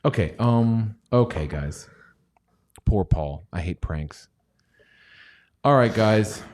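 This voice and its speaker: A man's voice: fairly low pitch, expressive, takes it slowly, darkish tone. A man hosting a casual stock livestream, rambling and joking, sometimes dropping to near-whispers. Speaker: stock show host; chemist.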